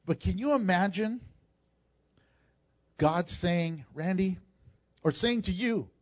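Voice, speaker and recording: A man pastor preaching a sermon, reading scripture aloud in an animated way. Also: sits high, slow pace, pauses often, muffled recording.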